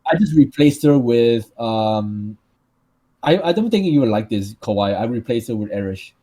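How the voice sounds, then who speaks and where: A man's voice: mid-range voice, lively intonation, normal speed, warm tone. Rambling man with a Taiwanese accent. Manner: rambling, repeats and restarts words. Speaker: podcast co-host. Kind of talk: casual podcast chat.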